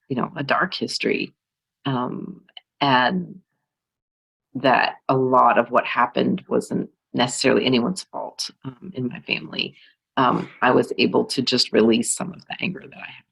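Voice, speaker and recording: An American author from California, with a slight Southern drawl, speaks reflectively and conversationally as a guest on a video call, hesitating with many fillers and restarts. Her voice is extremely low with vocal fry, a bit bright, and breathy at the edges. The recording is rough.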